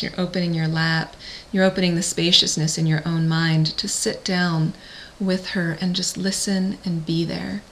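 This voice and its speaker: A woman working as a parent coach, guiding a listener through a visualization in a gentle, slow, soothing way. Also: on the low side, creaky, a little hiss or hum, low-quality recording. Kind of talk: guided visualization.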